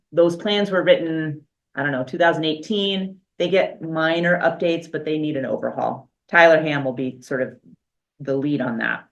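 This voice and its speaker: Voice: mid-range voice, fairly bright tone. A school superintendent giving an informal, unscripted report at a board meeting, talking loosely with fillers and restarts and the odd dry joke. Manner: dry, self-aware humor.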